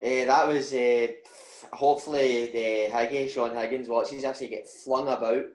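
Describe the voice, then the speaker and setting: A Scottish man, a footballer, tells a story in a loose, animated way, laughing often and tossing in "mate" and "right". His voice sits at a middling pitch. The room has a noticeable echo. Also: a little slow. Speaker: footballer guest. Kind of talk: casual chat, storytelling.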